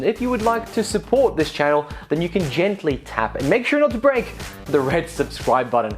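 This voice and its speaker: A woman hosts a scripted tech news rundown, her lowish voice swinging up and down in a lively way. She delivers the headlines with wry, sarcastic asides. Faint music plays behind her. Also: moderate pace.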